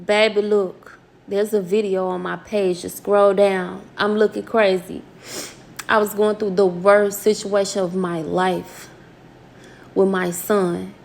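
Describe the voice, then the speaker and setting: A woman community activist from Minnesota, talking casually to her viewers in an animated, folksy way and calling them y'all. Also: mid-range voice, takes it slowly, gravelly. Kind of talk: casual reaction commentary.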